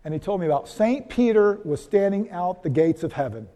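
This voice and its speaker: A physician gives a folksy health seminar to a church audience, telling stories and asking the crowd questions in a conversational way. His voice is high, expressive, mellow, and fairly quick, with long hall reverb on the recording.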